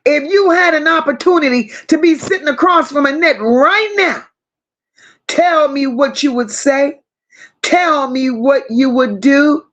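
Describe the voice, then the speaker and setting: Woman host, high voice, slow deliberate delivery, dramatic and slangy as she reads comments aloud. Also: lo-fi sound. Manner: animated, dramatic, slangy and emphatic. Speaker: livestream host. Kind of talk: casual live chat reading comments.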